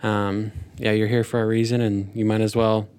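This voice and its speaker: A young man intern gives laid-back advice, pausing often on "um". His voice is smooth and stays fairly flat in pitch. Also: no echo. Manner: laid-back, hesitant fillers.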